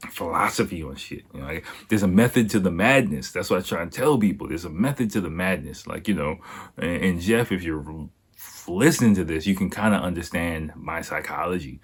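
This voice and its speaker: A man's voice: sits low, a little fast, breathy edge. A young man hosting a podcast, telling a story casually with frequent laughter and acted-out voices. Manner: laughs often, animated, acts out voices. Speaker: podcast host.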